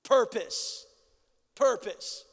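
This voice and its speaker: A man preaching a sermon as pastor, telling a Bible story and then rising to loud exhortation. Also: very high voice. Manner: builds from measured storytelling to shouted exhortation. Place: church sanctuary. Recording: long church hall reverb.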